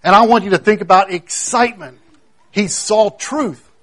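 Emphatic preacher, fairly high voice. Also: male voice, moderate pace. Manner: emphatic, repeats key phrases, swings between loud and hushed. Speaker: pastor. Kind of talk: sermon.

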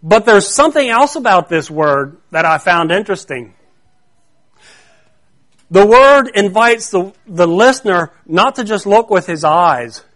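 A man's voice: sits high, a bit bright. A man preaching a sermon, explaining a Bible word in an earnest way that grows more intense when he stresses a point.

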